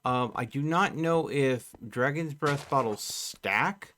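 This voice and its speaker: A man's voice: mid-range voice, a bit bright, slight background noise. A man on a live game stream, chatting casually and thinking aloud as he plays. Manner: slow, thinking aloud while playing. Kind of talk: casual live gameplay chat.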